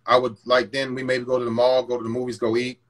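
A man's voice: medium pitch, monotone, fast, fairly bright tone. A man guest candidly recounting his past treatment of a partner, blunt and stumbling, acting out what he used to say. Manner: blunt, repeats words, acts out his past self. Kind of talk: candid personal confession.

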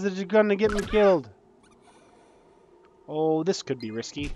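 A young man giving casual, excitable commentary while playing a game, breaking into panicky outbursts and joking about his own skill. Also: on the high side, measured pace, pauses often, faint music behind. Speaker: gaming YouTuber.

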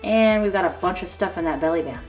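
A woman's voice: lowish voice, fast, a little mellow. Gushing, chatty woman tutorial host. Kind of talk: casual show-and-tell demonstration. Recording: slightly distant mic with faint background music.

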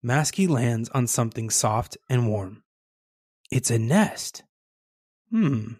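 A children's storyteller reading aloud gently and expressively, leaning into the sound words. The pace is slow and deliberate, and the voice is mid-range. It is recorded dry and close, with no room sound. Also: mid-range voice, lively intonation, dry recording.

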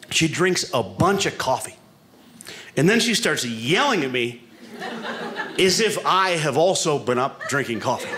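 A man performing stand-up before a live crowd, rambling along in a self-deprecating way and talking straight to the room. His pitch sits in an ordinary middle range. Steady room noise hums under the club recording. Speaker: stand-up comedian. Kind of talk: stand-up comedy set. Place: comedy club stage before a live audience.

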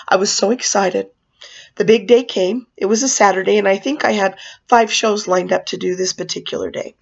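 A woman, a clown magician, telling a story from her shows in an animated, expressive way. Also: medium pitch, gravelly. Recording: dull lo-fi recording.

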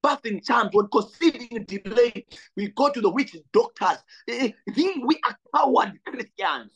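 A man's voice: very high-pitched, animated, measured pace, a bit bright, slightly rough, low-quality recording. A man from Zambia, a pastor preaching a sermon with a repetitive, building delivery and direct appeals to his brothers and sisters.

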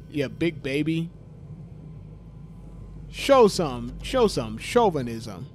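A man's voice: fairly high pitch, sing-song, measured pace, pauses often, a little hiss or hum. A man in his thirties with a sore voice from talking too much, joking to himself and yelping at scares as he plays a horror game. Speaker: gaming YouTuber.

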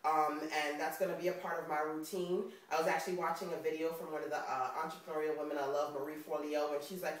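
A woman with a New York accent talking casually to camera in a motivational vlog, chatty and expressive and often laughing. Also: sits low, fast talker, hardly any pauses, recorded from a distance. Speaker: vlogger. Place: indoors on camera. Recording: very echoey room, off mic.

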